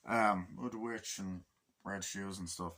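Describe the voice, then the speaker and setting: A man's voice: deep voice, fairly even intonation, a little slow, background noise. A man giving a rambling, casual film review, swearing often and acting out lines from the movie.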